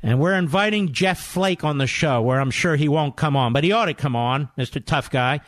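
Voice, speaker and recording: A man's voice: a little high, moderate pace, fairly bright tone, no room sound, studio quality. A middle-aged man hosting a political talk radio show in a mocking, combative monologue.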